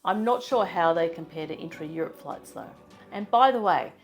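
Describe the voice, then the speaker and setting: A woman's voice: mid-range voice, animated, moderate pace, faint music behind. A woman with a general Australian accent, reading a scripted travel-advice narration in a chatty, lightly humorous, explanatory way. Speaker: travel vlogger.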